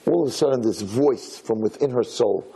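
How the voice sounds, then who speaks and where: A male rabbi telling a story in a sermon, animated and acting out voices, with Hebrew and Yiddish terms mixed in. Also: mid-range voice, moderate pace, slightly rough, rough recording.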